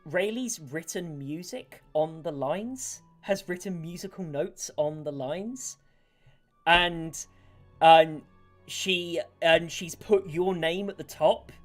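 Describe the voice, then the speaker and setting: Animated woman game master, lowish voice. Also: slow pace, faint music behind. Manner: lively, animated narration with fillers. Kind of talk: narrating a tabletop game.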